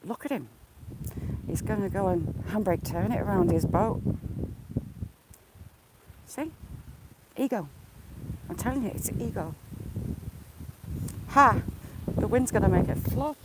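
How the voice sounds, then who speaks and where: A woman chats on a phone live-stream as she walks along a lake, calling out viewers by name and teasing them sarcastically. Her mid-range voice is animated but slow, with frequent pauses, over a noisy background.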